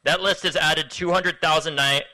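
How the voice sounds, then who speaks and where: A young man delivers a rally speech outdoors into a handheld mic. His voice sits high and rings with a sharp, forceful brightness. He is impassioned and builds from grave, quiet passages to shouted calls. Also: fairly even intonation, normal speed, poor audio. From Florida. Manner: impassioned, rising to shouted chants with the crowd. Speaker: activist speaker at a rally.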